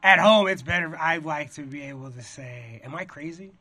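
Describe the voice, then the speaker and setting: A man's voice: on the high side, moderate pace, no room sound, faint music behind. A male stand-up comic chatting animatedly, swearing heavily and acting out quotes. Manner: animated, profane, acts out quoted voices. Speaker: stand-up comedian, podcast guest. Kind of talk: casual chat.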